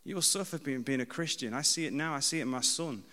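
A man's voice: medium pitch, fast talker, sharp tone, big-room sound. A man in his thirties preaching a sermon in a conversational, self-deprecating way, repeating key phrases for emphasis.

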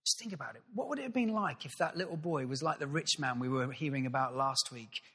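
A male pastor giving a sermon, telling the story with lively acted-out voices. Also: medium pitch, quick pace, slightly rough, big-room sound. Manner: animated storytelling, acts out voices.

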